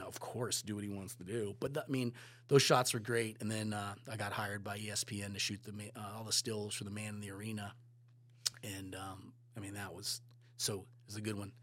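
Sex: man. Role: photographer guest on a podcast. Style: rambling casual storytelling that acts out quoted dialogue. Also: lowish voice. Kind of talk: casual anecdote telling.

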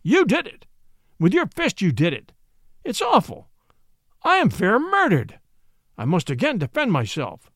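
A man's voice: sing-song, moderate pace, dry recording, studio quality. A man putting on a sneering vengeful sociologist. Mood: mock outrage. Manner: mocking, theatrical, shrill when feigning outrage. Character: vengeful sardonic middle-aged male sociologist.

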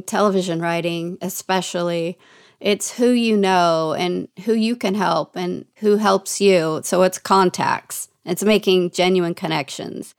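Woman guest storyteller, low voice, very dry, lively and animated. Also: clean tone, no echo. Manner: lively, acts out quoted dialogue. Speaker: guest television writer. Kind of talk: interview storytelling.

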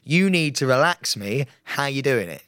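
A man co-hosting a podcast in casual chat, teasing and excitable, laughing often. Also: medium pitch, normal speed, smooth, no room sound, studio quality. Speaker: podcast co-host.

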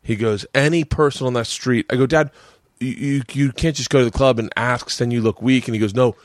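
With a mid-range voice and fairly even intonation, a man in his forties talks a little fast on his podcast. He's a bit tipsy and spins a long, rambling, profane story in a laughing, casual storytelling chat.

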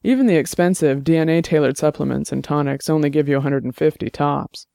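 A world-weary detective, wry and casual, as a man reads him, speaking in a smooth, resonant voice. Close, dry audiobook sound. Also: fairly high pitch, fast talker, mellow, no echo. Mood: rueful.

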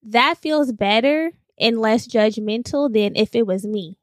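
A woman chatting on a podcast, telling an animated story full of quoted dialogue and casual swearing. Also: on the high side, a little slow, few pauses, no room sound, studio quality. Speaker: podcast guest. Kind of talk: casual chat.

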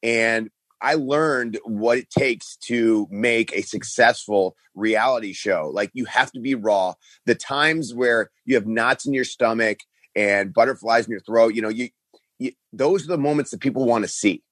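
A middle-aged man telling stories as a guest in a casual interview, animated and acting out quotes in different voices. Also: medium pitch, a little slow, no room sound. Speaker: guest, pro wrestling star.

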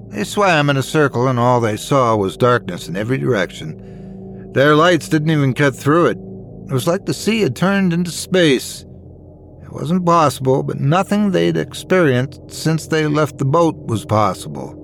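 A man reading a scripted horror story in a measured, suspenseful manner. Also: fairly high pitch, very animated, vocal fry, slight background noise. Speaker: narrator.

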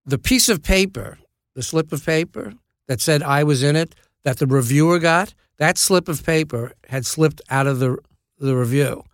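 A man's voice: a little high, normal speed, dry recording. An older man, an actor guest in a studio interview, telling self-deprecating anecdotes and acting out what people said. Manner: self-deprecating, acts out quoted dialogue. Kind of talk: anecdotal storytelling in a podcast interview. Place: podcast studio.

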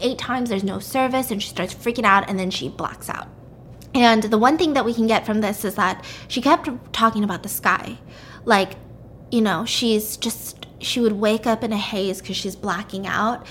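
Here a podcast co-host retells a plot in casual chat, her mid-range, fairly bright voice moving at a moderate pace over a slight hiss or hum. She voices the characters' lines herself and leans heavily on "like" and "right?"

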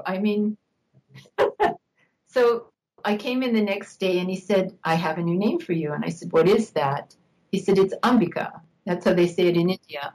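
A woman's voice: medium pitch, expressive, darkish tone, rough recording. Older woman telling a reflective story. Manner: reflective, unhurried, laughs while telling stories. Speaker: interview guest. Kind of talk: storytelling in an interview.

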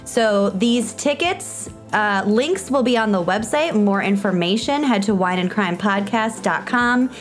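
A woman from Minnesota co-hosting a podcast, chatting casually and announcing things excitedly. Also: medium pitch, a little slow, few pauses, faint music behind. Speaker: podcast co-host. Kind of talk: casual chat.

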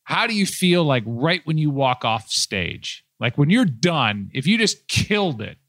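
A man's voice: a little high, very animated, a little slow, fairly bright tone, no echo. A man co-hosting a casual podcast, asking rambling, curious questions into a close mic. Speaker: podcast co-host.

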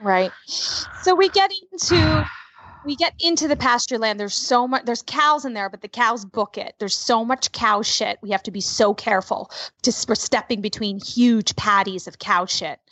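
A woman telling a personal story in casual chat, vivid and animated, with frequent swearing. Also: on the high side, moderate pace, dry recording. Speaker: podcast co-host telling a story.

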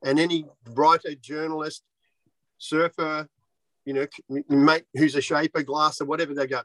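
Man, blunt, swears freely, fairly high voice, dry close sound. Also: level tone, normal speed, fairly bright tone, no room sound, rough recording. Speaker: surfboard shaper. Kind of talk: casual interview talk.

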